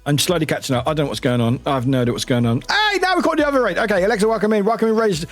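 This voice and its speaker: A man's voice: sits high, wildly swooping pitch, rapid-fire, faint music behind. A man streaming live, chatting casually and greeting viewers in a chaotic, giggly, self-mocking way, swearing casually.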